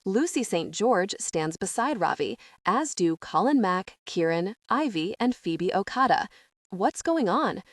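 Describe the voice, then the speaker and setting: A woman narrating an audiobook in a steady, expressive storytelling manner into a close mic. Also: medium pitch, a little slow, hardly any pauses, no echo. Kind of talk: scripted narration.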